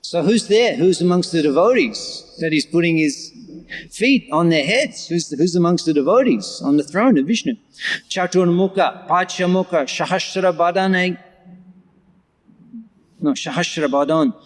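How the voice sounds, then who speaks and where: Man, scripture lecturer, slightly high voice, slow repeated verse lines, animated explanations, long hall reverb. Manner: repeats verse lines slowly, then explains them in English; animated, with occasional laughter. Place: large temple hall.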